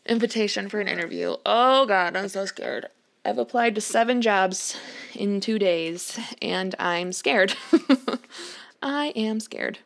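A woman's voice: medium pitch, takes it slowly, vocal fry, a bit bright. A young woman chatting through a life-sim game as host, fondly talking to the characters on screen. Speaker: let's play host. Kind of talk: gameplay commentary.

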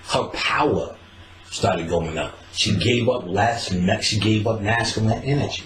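Male host, lively swooping delivery, laughs a lot, acts out quotes, echoey room. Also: fairly low pitch, unhurried, slight background noise. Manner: animated, laughs often, acts out quoted lines. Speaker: podcast host. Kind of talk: casual profane storytelling chat.

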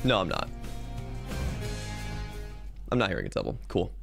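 A young man streaming a game, talking to his chat in a goofy, rambling way. His pitch leaps around a lot as he jokes and complains. Faint music plays underneath. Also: huge pitch swings, normal speed, creaky, a bit bright.

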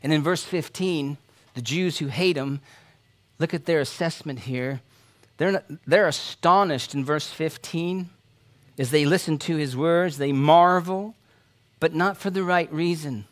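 Male pastor, kinda high voice, chatty but emphatic sermon, keeps tossing in "right?". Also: unhurried. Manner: conversational, emphatic preaching with rhetorical "right?". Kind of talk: expository sermon.

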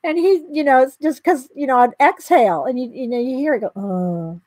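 A woman livestreaming her art talks casually to viewers as she draws in her home art room, chatty and thinking aloud. Her voice is high-pitched with a darkish tone at a normal speed. The recording is rough but has no echo.

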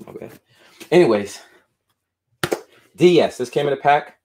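A man's voice: a little high, expressive, unhurried, very noisy. A man running a casual live stream at home, showing off his sneaker collection in a loose, chatty way, a little out of breath. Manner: loose and chatty, drifts between sing-song muttering and explaining. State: winded, out of breath. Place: home room full of shoes.

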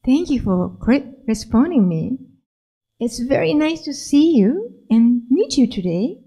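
A woman voicing an innocent, kind little girl who calls out in a high voice. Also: big pitch swings, unhurried, dark tone, breathy edge, heavily acted. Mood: calling, eager. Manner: high calling voice.

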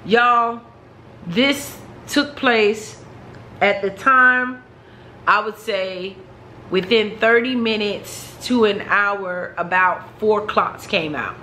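A woman's voice: medium pitch, very slow, sharp tone, a little hiss or hum, poor audio. A woman vlogger telling a personal story in a frank, chatty way, talking straight to her viewers.

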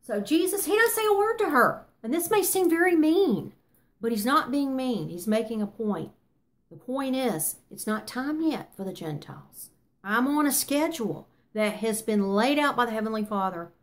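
A woman's voice: fairly high pitch, expressive, moderate pace. Earnest older woman teaching the Bible. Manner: earnest, emphatic, with frequent fillers and self-corrections.

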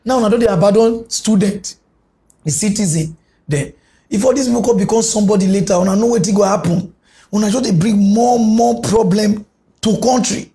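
High-voiced Nigerian man pleading in pidgin. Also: brisk, dark tone, slight background noise. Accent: Nigerian Pidgin English. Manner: pleading, emphatic, repeats words. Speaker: commentator. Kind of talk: impassioned appeal to politicians.

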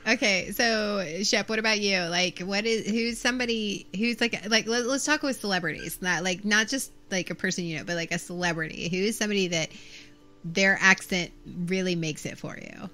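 A woman's voice: mid-range voice, moderate pace, pushed and bright, faint music behind. A woman co-hosting a casual podcast chat, talking loosely with lots of fillers and frequent laughs. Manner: chatty, laughs often, lots of "like". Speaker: podcast co-host.

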